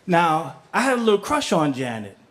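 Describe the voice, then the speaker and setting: A man's voice: on the high side, big pitch swings, normal speed, fairly bright tone. A middle-aged man telling a story on stage, casual and profane, acting out the people he quotes.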